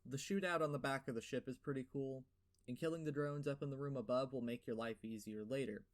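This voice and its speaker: A man's voice: medium pitch, fairly even intonation, fast talker. A young man with a lisp giving a sarcastic, profane game review voiceover, full of fillers and rants. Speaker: gaming video host.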